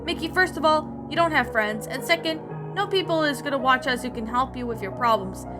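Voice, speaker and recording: A woman's voice: high voice, expressive, brisk, music in the background, pitched above the performer's own voice. A woman voicing a scornful cartoon mouse wife who lectures her husband coldly.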